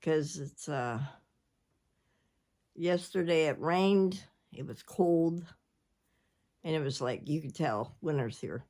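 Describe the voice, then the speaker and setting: A woman's voice: low-pitched, takes it slowly, long pauses, a little mellow. An older woman, chatting casually to her viewers and jumping from one subject to the next. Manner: rambling, chatty, jumps between subjects. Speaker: vlogger. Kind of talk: casual chat.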